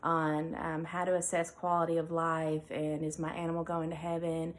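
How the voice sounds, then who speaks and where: A woman's voice: low voice, completely flat delivery, moderate pace, poor audio. Woman veterinarian hosting a faith talk. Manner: conversational with fillers, reads scripture aloud. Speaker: veterinarian and show host. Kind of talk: casual devotional talk.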